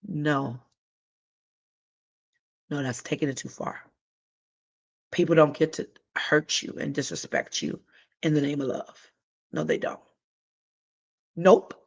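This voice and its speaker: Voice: medium pitch, slow pace, gravelly, long pauses. A livestream host giving heartfelt advice in a casual, emphatic way, talking straight to viewers with colloquial slang. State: voice cracking.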